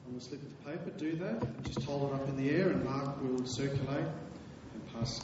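A man's voice: medium pitch, normal speed. A man moderating a talk, briefly reading out audience questions in a hall. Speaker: event moderator. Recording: echoey, muffled hall recording with noise.

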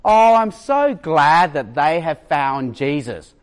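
A preacher putting on the voice of a gushing, patronizing churchgoer, syrupy and condescending. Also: male voice, fairly high pitch, very animated, takes it slowly.

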